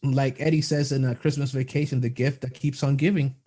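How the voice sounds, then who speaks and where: A young man chatting as a podcast guest, telling lively stories and laughing often. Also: medium pitch, fairly quick. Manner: enthusiastic storyteller, laughs a lot, animated quoting of others. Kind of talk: casual interview chat.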